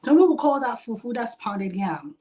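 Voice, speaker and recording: A woman's voice: fairly high pitch, lively intonation, normal speed, mellow. Chatty woman restaurant owner. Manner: chatty, laughs often, uses "like" a lot. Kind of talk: casual interview. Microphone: video call.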